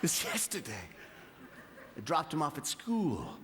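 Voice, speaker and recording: Man doing stand-up in a roomy hall. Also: a little slow. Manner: deadpan with sudden high-pitched outbursts. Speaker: comedy show host. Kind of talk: stand-up comedy. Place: comedy club stage. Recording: roomy hall with audience noise.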